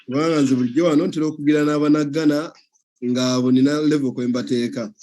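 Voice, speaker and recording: A man's voice: on the high side, steady tone, fast talker, dark tone. Man hosting a teasing chat. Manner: questioning, teasing, laughs often. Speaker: host. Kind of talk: casual interview chat.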